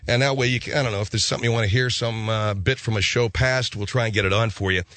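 Deadpan male talk-radio host. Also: lowish voice, fast, dry recording. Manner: dry, probing interviewer, deadpan.

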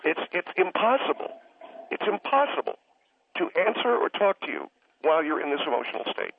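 A man calling in to a radio show, talking down to the host and interrupting him again and again to calm him. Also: on the high side, quick pace, gravelly. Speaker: caller. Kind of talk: radio call-in argument. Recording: tinny phone line.

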